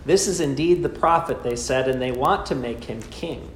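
A man preaching a sermon, asking rhetorical questions and slowing down with dramatic pauses. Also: medium pitch, slight background noise. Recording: echoey room with faint ambience.

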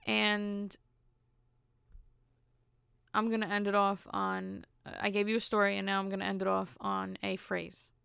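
A woman's voice: medium pitch, monotone, measured pace, vocal fry, long pauses, a bit bright, smooth, dry recording, clean studio sound. A woman hosting her own podcast, telling stories in a blunt, candid way with incredulous asides. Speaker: podcast host. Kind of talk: casual solo podcast monologue.

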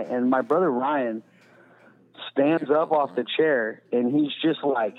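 A man's voice: medium pitch, slow. Guy swearing and rambling thru a story, tinny phone sound, big echo behind him. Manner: profane, rambling, peppered with "you know". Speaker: podcast guest. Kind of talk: casual storytelling.

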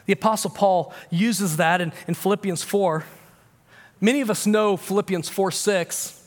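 A man preaching a sermon with a high, bright-pitched voice, moving between forceful emphatic lines and relaxed, conversational asides. His voice carries a long reverb from a large church hall. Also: moderate pace. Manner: emphatic preaching, shifting to casual, confiding talk. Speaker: pastor.

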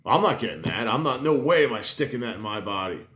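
A man's voice: mid-range voice, very animated, fast, fairly bright tone. A man talks loosely and emphatically, stacking restarts and swearing as he rants. His voice sits in the middle range. The recording has a roomy echo. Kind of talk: casual chat.

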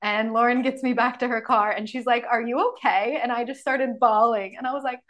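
Candid, animated young woman podcast host. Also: a little high, normal speed, lo-fi sound. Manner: candid, animated storyteller, swears freely. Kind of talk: casual podcast conversation.

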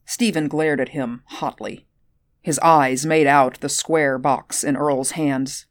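A woman reads a story aloud at a steady, measured pace. Her voice sits low and the recording is dry and close, with no room sound. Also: no room sound. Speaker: narrator. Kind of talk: audiobook narration.

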